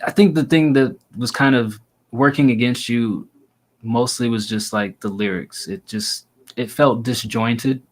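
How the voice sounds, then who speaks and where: A man's voice: medium pitch, unhurried. A man hosting a casual music review show, giving blunt, crude, teasing critiques. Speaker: host reviewing listener songs.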